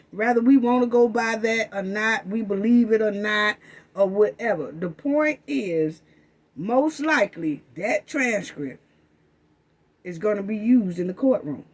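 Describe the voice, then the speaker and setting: A woman hosting a commentary channel, talking straight to her audience as family, heated and repetitive. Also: medium pitch. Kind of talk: casual commentary monologue.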